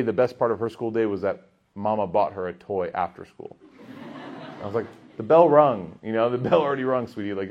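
A man in his thirties giving a casual religious talk to a gathering, telling jokey stories about his kids and getting loud in the funny parts. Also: fairly low pitch. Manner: storytelling, jokey, animated, rising loud in funny bits. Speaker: religious teacher. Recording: dull lo-fi sound.

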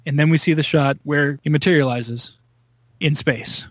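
Excitable guy on a podcast, kinda high voice, acts out his reactions, dry close sound. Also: normal speed, no room sound. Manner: excitable, acts out his own reactions with big pitch jumps. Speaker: podcast co-host. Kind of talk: casual chat.

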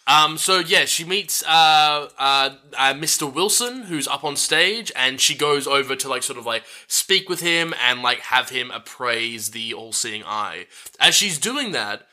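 A man casually recapping a movie with a friend, relaxed and full of fillers. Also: mid-range voice, measured pace. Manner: relaxed, filler-heavy, says dude. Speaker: podcast co-host.

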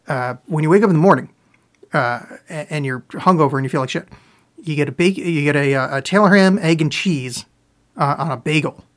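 A man hosting a podcast live, answering listener questions in loose, profane, self-mocking chat, with a sore throat. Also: fairly high pitch. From US East Coast. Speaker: podcast host. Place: home, live on video stream.

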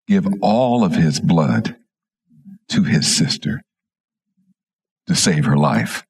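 Deep slow guy giving a sermon, gentle storytelling. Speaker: minister.

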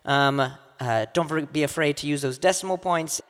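A man's voice: fairly high pitch, moderate pace, hardly any pauses, fairly bright tone. A man hosting a live poetry slam on stage, hyping the crowd and reading out scores. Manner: hyping the crowd, call-and-response. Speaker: emcee of a youth poetry slam. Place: theater stage with audience. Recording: long reverb of a large venue.

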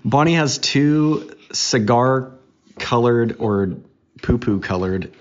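A man's voice: medium pitch, expressive, takes it slowly, muffled recording. A man in his thirties, a podcast host chatting casually and teasingly with his young daughter at home. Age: 30s. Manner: playful, teasing, joking.

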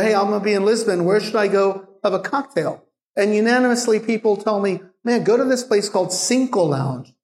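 A middle-aged man, a guest bartender, telling animated stories in a live Q&A and laughing often. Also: high-pitched. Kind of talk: live Q&A storytelling. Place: bar venue with audience. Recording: echoey live venue.

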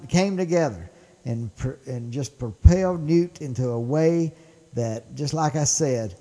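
A man's voice: a little high, dark tone, in a large hall. A man with a Mississippi accent hosting a show and talking politics with emphatic enthusiasm. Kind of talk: political commentary.

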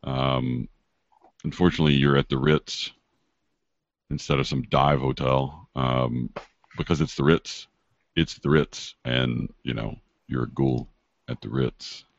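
A man's voice: very deep voice, fairly even intonation, measured pace, no room sound. A man narrating a tabletop game as game master, rambling with many fillers and casual swearing. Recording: dull dry lo-fi sound.

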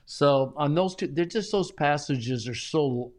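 A middle-aged man talking as a guest in a casual interview, animated and often chuckling, with frequent restarts. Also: fairly high pitch, unhurried. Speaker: Bible translator guest.

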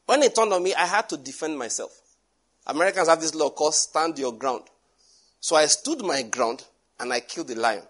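A male preacher delivers a lively sermon, acting out characters and switching voices as he tells the story. His voice sits a little high for a man and has a husky edge. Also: brisk. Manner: animated, acts out dialogue with shifting voices and laughs.

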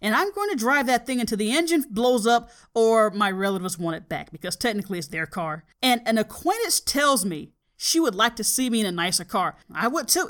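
A woman's voice: fairly high pitch, lively intonation, brisk, hardly any pauses, fairly bright tone. Frank, storytelling woman podcast host. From US South. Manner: frank, storytelling, dryly humorous. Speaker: podcast host and college biology teacher. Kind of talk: casual podcast monologue.

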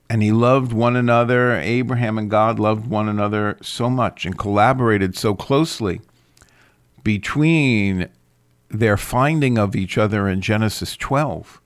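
A man giving a reflective lecture on scripture, speaking in a deliberate, questioning way. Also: mid-range voice, no room sound, clean studio sound.

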